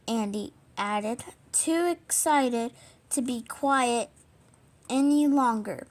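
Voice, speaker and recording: A woman's voice: fairly high pitch, takes it slowly, a little mellow. A woman reading a children's storybook aloud, stumbling over words and apologizing often, with the hiccups. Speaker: reader.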